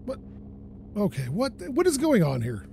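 A man with a high voice that swings widely in pitch, commentating his own gameplay. He talks to himself and swears when a moment goes wrong. Faint game sounds sit behind him. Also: normal speed, gravelly, a little hiss or hum. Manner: animated, self-talking, swearing when frustrated. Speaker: gaming channel host. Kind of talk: let's play commentary.

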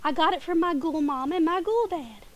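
Over crowd noise, a high-voiced streamer from the southeastern United States, with a Tennessee-area Southern accent, makes casual gaming chat at a moderate pace. She giggles a lot and occasionally stutters or stumbles on words, speaking into a desk microphone.

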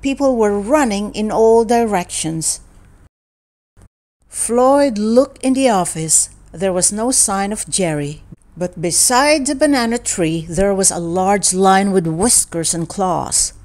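A woman narrating a children's picture book aloud. She reads slowly and deliberately, every phrase given room. Her voice sits at an ordinary middle pitch. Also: a little mellow. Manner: slow, deliberate reading. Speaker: storybook reader.

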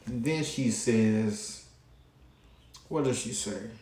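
A man commenting on a post at a deliberately slow, unhurried pace, stretching his words and stopping often between phrases. His voice sits at an ordinary pitch for a man. The sound bounces around a roomy, echoey space. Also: animated, mellow. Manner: slow, drawn-out, pausing often. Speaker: channel host. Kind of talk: reaction commentary.

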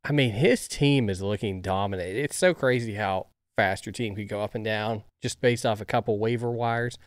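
A young man co-hosting a casual fantasy football podcast, giving relaxed, offhand takes. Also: fairly low pitch, normal speed, dry recording, clean studio sound.

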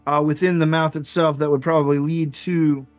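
Halting, dry-sounding male game master. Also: fairly high pitch, little pitch movement, no echo, soft background music. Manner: halting, with many fillers and restarts, often laughing. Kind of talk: narrating a tabletop game.

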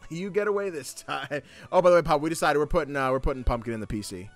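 A man's voice: on the high side, fast, dry recording, soft background music. A man chatting casually while streaming a video game, playful and laughing, swearing now and then. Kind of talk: casual gameplay chat.

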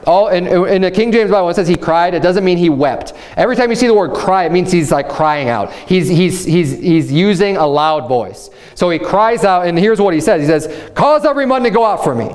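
Chatty pastor with a higher voice. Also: male voice, animated, moderate pace, hardly any pauses, a little mellow. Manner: conversational Bible teaching with frequent restarts and "you know". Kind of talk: sermon.

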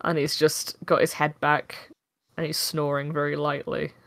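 A woman's voice: sits low, level tone, moderate pace, gravelly, dry recording, clean studio sound. A woman game master narrating a tabletop session in a casual way, with lots of filler words and swearing.

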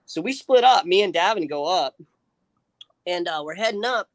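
A man with a somewhat high voice tells a long story in loose, casual chat. He rambles with lots of fillers and restarts and slips into his friends' voices as he goes. The sound is dry and close. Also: moderate pace, no room sound. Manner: animated, acts out friends' lines. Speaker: livestream guest telling a story.

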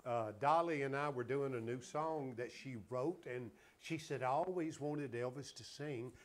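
A man's voice: mid-range voice, normal speed. A man, telling folksy anecdotes as a guest on a talk show. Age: 70s. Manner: drawling, folksy anecdotes with acted quotes. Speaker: guest singer. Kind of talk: casual storytelling chat.

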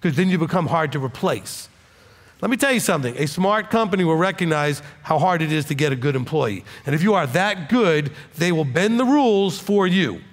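A man's voice: fairly high pitch, expressive, fairly quick. A man teaching a congregation, coaching a listener emphatically and repeating his points for weight. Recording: echoey hall with audience.

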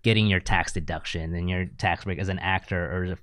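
A man's voice: sits low, fairly even intonation, fast, a bit bright, dry recording, studio quality. A man co-hosting a podcast, telling stories in a chatty way and laughing often. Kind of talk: casual podcast chat.

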